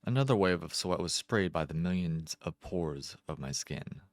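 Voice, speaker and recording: Very deep-voiced male story narrator. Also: expressive, normal speed, no echo. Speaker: amateur narrator. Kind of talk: first-person short story narration.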